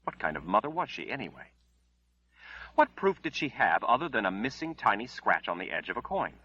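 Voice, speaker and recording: Casting: male audiobook narrator, low, husky, bright-edged, dull lo-fi recording. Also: sing-song. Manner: measured, dramatic storytelling. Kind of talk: scripted dramatic narration.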